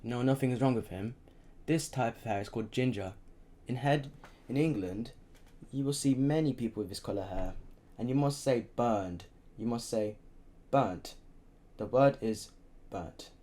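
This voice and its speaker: A man's voice: mid-range voice, moderate pace, mellow, pitched above the performer's own voice, close to an everyday voice. A man reading aloud, voicing a middle-aged father who firmly corrects his son. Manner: firm, instructive. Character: stern but caring African father, middle-aged.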